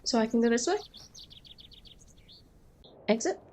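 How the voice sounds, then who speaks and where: A woman streaming a video game, chatting casually and excitably and echoing the game text aloud. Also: fairly high pitch, a little slow, a little hiss or hum. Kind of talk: casual gaming chat. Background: game music.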